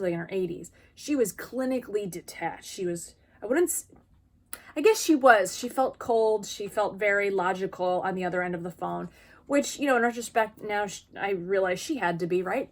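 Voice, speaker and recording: A woman vlogger talking frankly and expressively to camera about her own experience, in a casual personal style. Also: medium pitch. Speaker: vlogger sharing lived experience.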